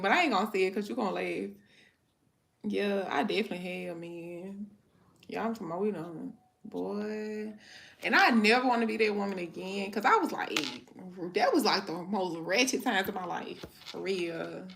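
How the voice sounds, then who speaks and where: Woman, live chat host, gravelly fry, candid and slangy, laughs a lot. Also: medium pitch, normal speed, fairly bright tone. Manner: candid and frank, slangy, laughs often while talking. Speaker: livestream host chatting with viewers; mother. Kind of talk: casual chat.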